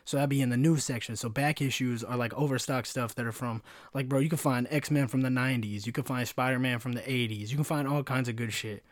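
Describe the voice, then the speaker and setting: A man's voice: mid-range voice, steady tone, a little fast, hardly any pauses, dry recording, studio quality. A young man hosting a solo podcast, rambling through stories with frequent laughs and acting out the voices of people he quotes. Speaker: podcast host. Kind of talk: casual solo podcast storytelling.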